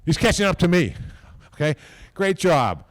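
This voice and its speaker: A man speaking at a podium microphone during an induction ceremony, rambling informally, repeating himself and tagging lines with a quick "okay?". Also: high voice, very animated, no echo, clean studio sound. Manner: repeats words and restarts often. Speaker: team executive giving induction speech.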